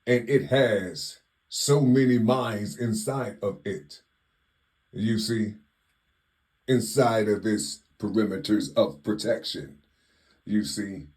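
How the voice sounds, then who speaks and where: A man giving a slow spiritual monologue, asking drawn-out rhetorical questions and repeating "you see" constantly. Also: fairly low pitch, a little mellow. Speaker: spiritual teacher.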